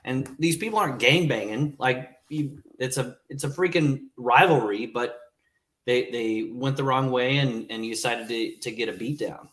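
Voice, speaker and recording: A man's voice: mid-range voice, moderate pace, fairly bright tone. A man co-hosting a podcast, chatting casually and chiming in with short, laid-back remarks. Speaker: podcast co-host. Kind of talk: casual chat.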